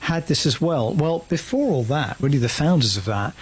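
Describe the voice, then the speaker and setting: A man's voice: on the high side, animated, normal speed, breathy edge. A man, a musician guest reflecting on his career in a casual radio interview. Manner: reflective, storytelling.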